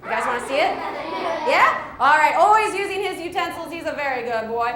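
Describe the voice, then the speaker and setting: A woman's voice: high-pitched, expressive, brisk, echoey room, noisy background. A woman wildlife educator giving an upbeat live animal presentation to children, asking them questions and laughing often.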